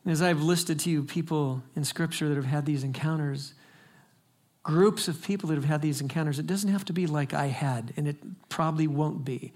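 A man's voice: fairly high pitch, normal speed, darkish tone. A man preaching a sermon as pastor, telling stories in a conversational way and building to emphatic exhortation.

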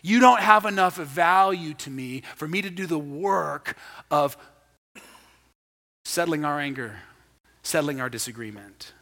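A man preaching a sermon with a high, bright and forceful voice, lingering in the long reverb of a church sanctuary. He keeps it conversational and acts out the lines he quotes. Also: animated, unhurried, long pauses. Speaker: pastor. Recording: long reverb of a large hall.

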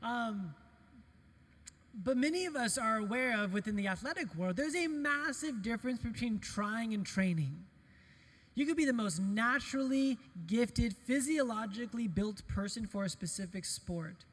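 High-voiced pastor preaching in a reverberant hall. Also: male voice, moderate pace. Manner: animated, storytelling, self-deprecating humor. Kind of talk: conversational sermon with personal stories.

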